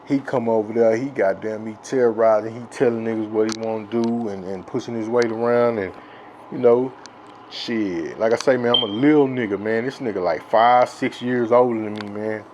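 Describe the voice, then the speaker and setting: A man from Texas telling a childhood story in a rambling, profane, filler-heavy way that grows loud and excited with laughs. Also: on the low side, normal speed, highs cut off, a little hiss or hum. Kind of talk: casual storytelling.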